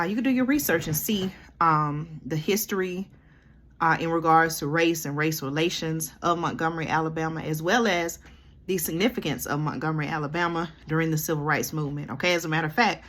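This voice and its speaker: A woman's voice: low voice, a little fast, a bit bright. Woman reading news aloud. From Georgia, USA. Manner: reads aloud with frequent "okay?" and "y'all" asides. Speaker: commentary vlogger. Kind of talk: reading and commenting on a news article.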